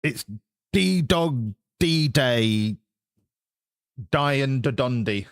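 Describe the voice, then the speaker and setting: A man's voice: mid-range voice, lively intonation, extremely slow, smooth, no echo, soft background music. A man hosting a live stream, chatting casually and teasing his viewers in a joking way. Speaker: livestream host.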